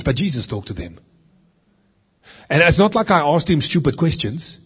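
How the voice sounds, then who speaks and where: A middle-aged man delivers a teaching sermon with a husky, slightly breathy voice that sits a little high for a man. He speaks earnestly and conversationally, as a minister explaining scripture to his listeners. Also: sing-song, moderate pace, a bit bright.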